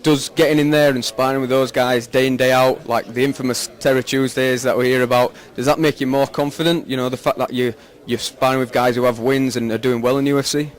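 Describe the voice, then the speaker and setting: A man's voice: mid-range voice, fairly even intonation, fairly quick, hardly any pauses. A man interviewing a fighter, asking long, loose questions with many fillers.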